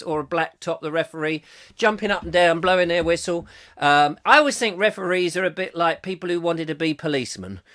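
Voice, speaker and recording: A middle-aged man hosts a comic live chat show, rambling, chatting and joking as he reads viewer comments, often breaking into laughter. His voice is a little high and a bit bright.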